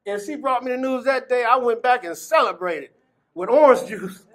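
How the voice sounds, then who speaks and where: A man's voice: very high-pitched, lively intonation, normal speed, pauses often, fairly bright tone. A middle-aged man from Gary, Indiana, telling his personal story earnestly, often breaking into laughter as he recalls it. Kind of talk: personal testimony.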